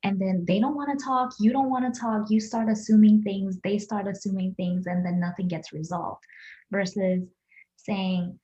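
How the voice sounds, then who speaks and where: A woman's voice: medium pitch, fairly even intonation, moderate pace, dark tone, lo-fi sound. A woman in a podcast conversation who speaks thoughtfully and reflectively and affirms what the other speaker says.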